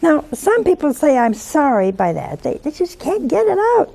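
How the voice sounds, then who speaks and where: Brief: a woman preacher, slightly high and gravelly, conversational storytelling homily. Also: sing-song, normal speed. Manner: conversational storytelling with gentle humor. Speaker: Catholic religious speaker. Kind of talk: homily with anecdotes.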